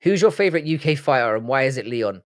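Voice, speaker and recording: A young Irishman from Cork hosts a casual livestream, reading out viewer comments and answering them in a blunt, sweary, rambling way. His medium-pitched voice has lively intonation, and he talks fast.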